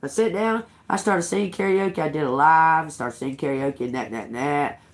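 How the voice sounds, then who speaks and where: A woman, a tarot reader telling a story on a live stream in a heated, swearing, animated rant. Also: low voice, a little fast. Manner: profane, heated, animated retelling.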